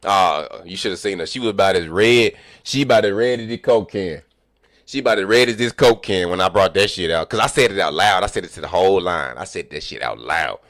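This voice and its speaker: Streamer, male, low voice, animated profane storyteller, acts out quotes, dry mic. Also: brisk, dry recording. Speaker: livestreamer. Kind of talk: casual storytelling chat.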